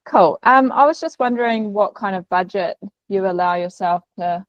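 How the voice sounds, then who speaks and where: A woman asking a hesitant, halting question during an online session over a video call with microphone trouble. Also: medium pitch, no echo, muffled recording. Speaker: caller. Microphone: video call with mic trouble.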